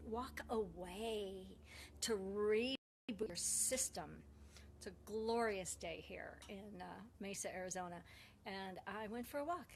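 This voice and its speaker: A woman's voice: mid-range voice, a little hiss or hum. A middle-aged woman hosting a live online show, telling a casual story and acting out both sides of the dialogue. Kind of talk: casual live-stream talk.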